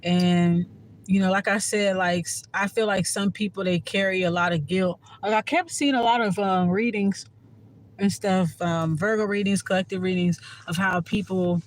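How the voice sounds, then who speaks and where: A man's high-sitting voice, with fairly even intonation and a moderate pace, comes through poor audio with a little hiss or hum. He's a Washington DC-area spiritual vlogger giving a casual, candid, rambling talk to camera, full of swearing and fillers.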